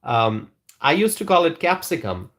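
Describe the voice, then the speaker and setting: A man's voice: a little high, big pitch swings, normal speed, a bit bright. A man hosting a live stream, chatting casually with viewers and reading their comments in a rambling, hesitant way. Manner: rambling, hesitant, with frequent restarts.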